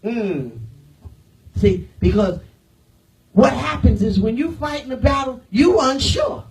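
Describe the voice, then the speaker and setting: A woman pastor preaching a sermon, firing rhetorical questions at the congregation and swinging from loud declarations to hushed, near-whispered lines. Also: on the high side, animated, slow pace, far from the mic, low-quality recording.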